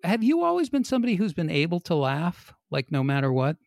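A man's voice: on the high side, huge pitch swings, fast talker, creaky, darkish tone, dry recording, studio quality. A man hosting an interview, asking long, rambling questions in a casual way. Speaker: interview host.

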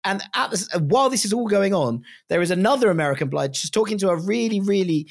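A man co-hosting a podcast, chatting casually and acting out quotes excitably. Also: fast. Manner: excitable, acts out quotes with big pitch jumps. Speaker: podcast co-host. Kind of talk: casual chat.

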